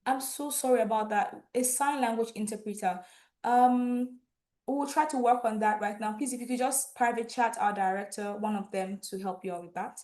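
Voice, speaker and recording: Brief: bubbly young female host from Nigeria, slightly high voice, live online ceremony. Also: moderate pace. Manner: lively, chatty, laughs often. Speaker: event host. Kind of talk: live online graduation hosting.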